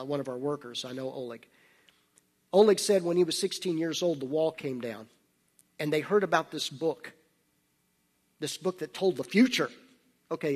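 A man giving a sermon, telling stories with laughter and dropping to a hushed voice for serious parts. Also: on the high side. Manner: anecdotal, laughing, drops to hushed tones for serious moments. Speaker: missionary speaker. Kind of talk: sermon with storytelling. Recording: long hall reverb.

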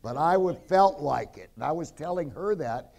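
A man's voice: a little high, expressive, normal speed, vocal fry, dark tone. A man telling his testimony on a convention stage, jokey and blunt, often cutting in with asides. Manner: jokey, keeps interrupting, blunt and rowdy. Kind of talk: rambling storytelling testimony. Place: convention stage before an audience.

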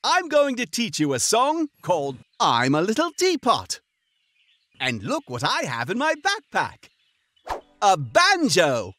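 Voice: mid-range voice, huge pitch swings, takes it slowly, fairly bright tone, dry recording, full character voice. A performer voicing a friendly frog who leads preschoolers in a sing-along. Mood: cheerful. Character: cheerful frog who sings children's songs.

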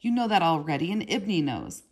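A woman's voice: on the low side, expressive, a little fast, darkish tone, husky. A woman voicing a frightened, pleading boy. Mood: desperate. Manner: pleading, stammering, raising his voice when cornered. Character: thin frightened young boy, apprentice.

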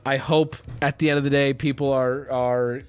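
A man's voice: medium pitch, moderate pace, smooth, soft background music. A man chatting casually and rambling on a live stream, swearing often. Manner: rambling, profane, animated.

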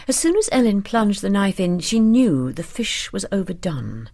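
A woman narrating an audiobook in a calm, measured bedtime reading style. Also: medium pitch.

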